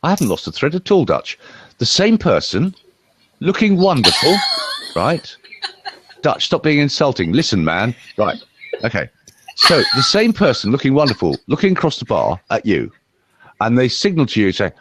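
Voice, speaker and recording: A man's voice: mid-range voice, huge pitch swings, normal speed, a bit bright, breathy edge. A middle-aged man, a voice coach, giving a playful, rambling demonstration and talking straight to one viewer. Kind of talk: lively demonstration talk.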